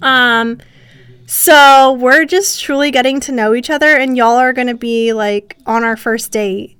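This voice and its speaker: A young woman hosts a casual podcast in a bright, forceful voice that sits a touch high. She is chatty and bubbly, laughing easily between thoughts. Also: a little slow, clean tone, dry recording. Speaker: podcast host.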